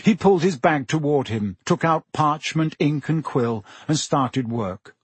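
A man's voice: on the high side, unhurried, husky, dry recording. A man reading a children's novel aloud as an audiobook narrator, telling the story steadily. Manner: steady storytelling with character voices. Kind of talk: scripted narration.

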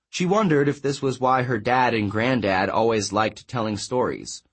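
A man reading a novel aloud as audiobook narrator, in a measured, even storytelling manner. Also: fairly low pitch, slightly rough. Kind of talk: scripted narration.

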